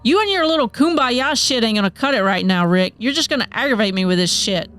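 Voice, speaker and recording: A woman's voice: fairly high pitch, animated, brisk, no room sound, faint music behind, natural voice. A woman voicing a fiery young wife who talks bluntly and swears. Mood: angry.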